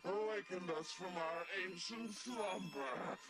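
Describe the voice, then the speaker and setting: A man voicing a slow, hushed possessed demon woman. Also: high voice, pitched above the performer's own voice. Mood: menacing. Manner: slow, hushed, eerie delivery. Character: demon possessing a young woman, cold and menacing. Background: background music.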